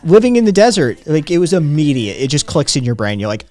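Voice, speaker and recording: A man's voice: on the high side, big pitch swings, brisk, few pauses, warm tone, dry recording. A man hosting a livestream, chatting casually with viewers in a brash, teasing, profane way. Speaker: livestream host.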